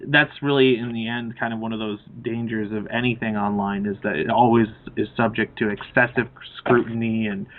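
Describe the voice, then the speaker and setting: A man hosting an interview, reassuring his guest in a calm conversational way. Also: on the low side. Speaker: show host. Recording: tinny phone-like call audio.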